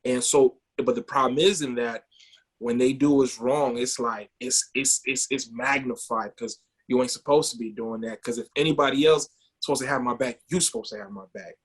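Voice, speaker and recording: A man co-hosting a podcast, telling a personal story in an animated way and often repeating words. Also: medium pitch, normal speed, breathy edge. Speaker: podcast co-host.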